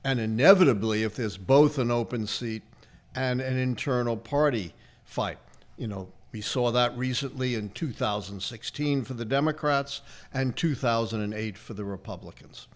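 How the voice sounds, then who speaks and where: A man's voice: medium pitch, normal speed. An older man with a Brooklyn accent, giving emphatic, lecturing political analysis on a livestream. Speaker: political historian guest answering questions.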